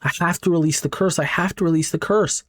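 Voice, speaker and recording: A man's voice: on the high side, quick pace, no room sound, clean studio sound, pitched above the performer's own voice, natural voice. A man doing a crazed, doting mother. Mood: obsessive. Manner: cooing, eerily calm and obsessive. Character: deranged doting mother, middle-aged woman. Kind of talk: dramatic reading of a horror manga.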